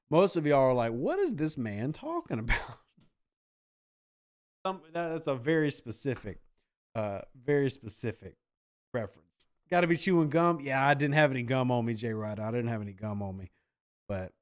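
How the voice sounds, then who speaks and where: A man hosting a podcast, joking and sarcastic as he reacts to viewer comments. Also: medium pitch. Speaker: podcast host.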